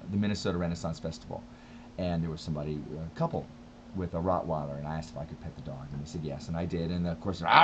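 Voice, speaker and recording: A man's voice: deep voice, a little mellow, dull audio, slight background noise. A man talking thoughtfully in a casual vlog monologue, rambling with frequent restarts. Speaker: vlogger.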